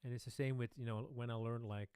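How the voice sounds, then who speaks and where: Pianist chatting on a live stream. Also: male voice, medium pitch, fast, clear, resonant tone, dry recording, clean studio sound. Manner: relaxed, rambling, chuckling asides. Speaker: pianist hosting his own channel. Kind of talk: live stream Q&A, casual chat. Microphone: studio microphone.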